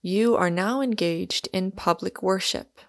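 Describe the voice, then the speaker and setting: Storybook role: a severe, roguish young man, read by a woman, slow and deliberate, with a gravelly edge. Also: mid-range voice, dry recording, clean studio sound, lightly acted. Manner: severe, mocking authority. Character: stern, roguish young man holding a pistol.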